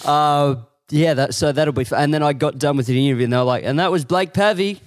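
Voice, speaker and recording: Deadpan Australian man telling stories. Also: on the high side, fast, no room sound, studio quality. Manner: deadpan storytelling, sweary. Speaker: comedian and podcast co-host. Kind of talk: casual podcast chat.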